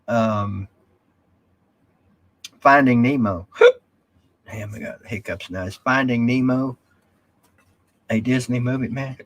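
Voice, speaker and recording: A man hosting a casual live stream, rambling and reading viewer comments aloud. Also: lowish voice.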